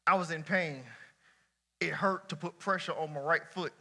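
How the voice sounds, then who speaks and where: Bright, high-voiced preaching man. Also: moderate pace. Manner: lively colloquial preaching, swinging between shouts and near-quiet asides. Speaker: pastor. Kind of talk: sermon. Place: church before a congregation.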